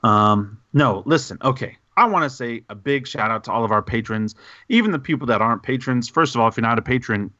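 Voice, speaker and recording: Goofy, excitable male podcast host. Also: mid-range voice, fairly quick, no echo, highs cut off. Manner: excitable, goofy, hyperbolic rambling. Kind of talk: casual podcast chat.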